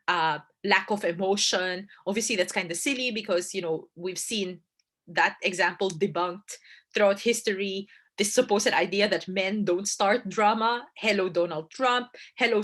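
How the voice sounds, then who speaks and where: A woman's voice: medium pitch, fairly bright tone. A woman giving a casual debate lecture, conversational and emphatic, often tagging points with "right?" and repeating phrases for stress. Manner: conversational, frequent "right?" and "you know" asides.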